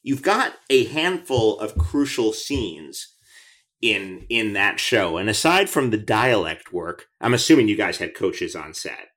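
A man with a fairly low voice hosts a conversational interview. He talks in an eager, chatty way and restarts his sentences often. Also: big pitch swings, a little slow, a bit bright. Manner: chatty, enthusiastic, many restarts. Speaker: podcast host.

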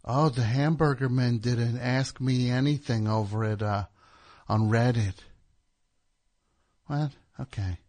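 A man's voice: mid-range voice, unhurried, long pauses, a little mellow. A man hosting a talk radio show, rambling through a sarcastic, mocking monologue. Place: radio studio.

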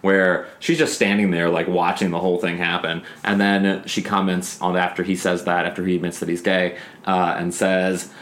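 A young man co-hosting a podcast, telling stories in a casual, animated and blunt way. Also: low-pitched, normal speed. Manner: animated storyteller, blunt and candid. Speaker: podcast co-host. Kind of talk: casual chat.

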